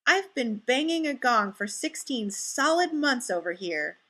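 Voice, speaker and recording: A woman's voice: a little high, very animated, measured pace, a bit bright, heavily acted. A woman reading a story aloud, voicing an earnest, polite young man who speaks with formal sincerity.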